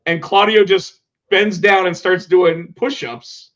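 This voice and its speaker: A man hosting a podcast in casual chat, animated and quick to swear. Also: high voice. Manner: animated, swears, acts out quotes. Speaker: podcast host. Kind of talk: casual chat about pro wrestling. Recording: dull lo-fi sound.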